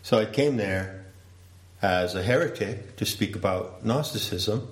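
A man giving a slow, deliberate, reflective storytelling talk. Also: on the low side. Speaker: speaker. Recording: roomy echo.

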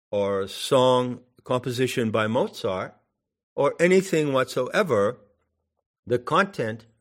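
A male meditation teacher talks at a very unhurried pace, musing aloud with long pauses between his phrases. His voice sits at an ordinary middle pitch, and he turns each point over carefully as he goes. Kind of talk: spoken dharma instruction.

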